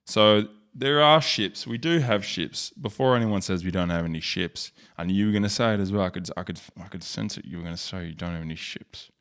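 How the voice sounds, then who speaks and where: Australian male vlogger, low voice, jokey, self-mocking, off-the-cuff commentary. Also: a little fast, hardly any pauses, fairly bright tone, clear, resonant tone. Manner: joking, rambling, self-mocking. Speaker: YouTube host. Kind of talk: casual screen-share commentary.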